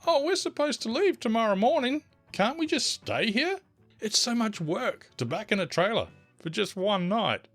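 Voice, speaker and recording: A man's voice: sits high, animated, moderate pace, a bit bright, soft background music, voice pushed up. A man voicing a whiny, evasive, entitled middle-aged woman at a campsite.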